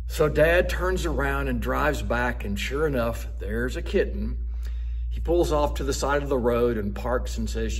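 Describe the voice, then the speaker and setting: A man telling a moral story on the radio in a lively, conversational way. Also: mid-range voice, normal speed, slight background noise.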